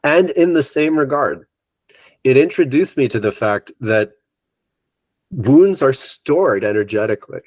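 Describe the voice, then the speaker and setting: A middle-aged man, a yoga teacher, telling a personal story in an interview in an animated way and acting out what others said. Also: medium pitch, a little slow, pauses often, slightly rough, dry recording.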